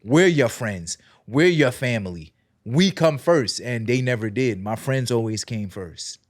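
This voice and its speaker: A man's voice: mid-range voice, animated, a little slow, dry recording, studio quality. Candid young man on a podcast. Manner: candid, reflective, with slang fillers. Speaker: podcast co-host. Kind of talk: casual chat.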